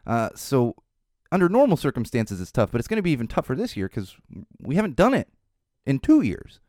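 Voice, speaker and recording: A man's voice: mid-range voice, wildly swooping pitch, brisk, a little mellow, dry recording, studio quality. A man hosting a casual solo podcast, rambling with a wry tone and restarting his sentences often. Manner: rambling, wry, repeats words while restarting. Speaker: podcast host.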